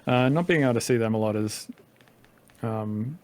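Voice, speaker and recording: A man's voice: medium pitch, moderate pace. A man from Australia with a light Australian accent, chatting as a podcast guest, rambling with lots of fillers and casual swearing. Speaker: podcast guest, music producer. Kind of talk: casual conversation.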